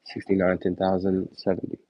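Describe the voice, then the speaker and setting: A deep, monotone voice belongs to a young man counting numbers a little fast on a casual livestream. He's relaxed and slangy, talking to viewers between numbers, and the recording is dull, dry lo-fi stream audio with no echo.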